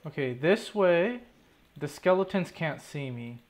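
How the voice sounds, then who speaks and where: A man's voice: a little high, expressive, unhurried, a little mellow. Frustrated swearing gamer man. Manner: frustrated, swearing, talking to himself. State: stressed and annoyed. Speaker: gaming channel host. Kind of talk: casual let's play commentary.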